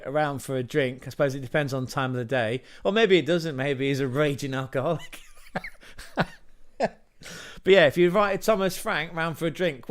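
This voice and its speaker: Rambling man on a livestream. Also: fairly high pitch. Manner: rambling, chatty, joking asides, swears. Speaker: livestream host. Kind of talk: casual livestream chat.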